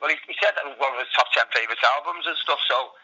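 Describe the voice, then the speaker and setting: Fast, bright Liverpool man swearing. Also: medium pitch, lo-fi sound. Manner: swearing, rambling anecdotes with restarts and laughs. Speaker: guest musician. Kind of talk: casual interview chat.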